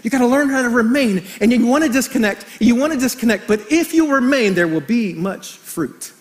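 A middle-aged man preaching a sermon as pastor, animated and storytelling, joking with the congregation. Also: very high voice, a little fast.

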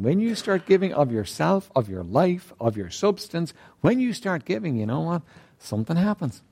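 A man's voice: a little high, gravelly, a little mellow. A man preaching a sermon who speaks emphatically, repeats key phrases and keeps asking the congregation "right?". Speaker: pastor.

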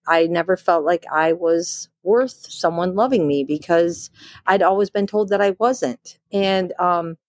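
A middle-aged woman hosting a podcast, telling her own story in a candid, halting way with many pauses and restarts, recorded outdoors in some wind. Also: on the low side, darkish tone, no room sound, clean studio sound. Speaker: podcast host. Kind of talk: personal testimony podcast.

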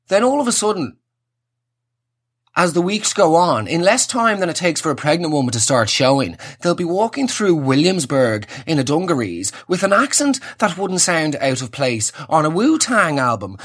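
Irish guy in his 30s ranting a comedy bit, sardonic, voice bouncing all over, a bit high. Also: fairly bright tone, breathy edge. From Ireland. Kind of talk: comic monologue.

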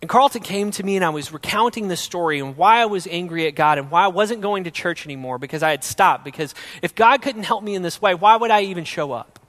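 A young man telling his personal faith testimony in an earnest storytelling way, going from loud to hushed. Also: high voice, lively intonation, fast talker, hardly any pauses, in a large hall.

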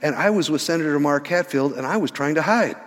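A man in his sixties telling a story in a sermon, animated, often restarting his words. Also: on the high side, fast talker, a little hiss or hum. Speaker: pastor. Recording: reverberant church hall.

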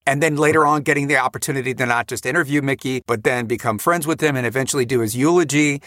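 A man's voice: mid-range voice, fast, a bit bright, no echo, studio quality. A man hosting a podcast, setting up questions with careful, prepared recaps. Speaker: podcast host. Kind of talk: interview questions.

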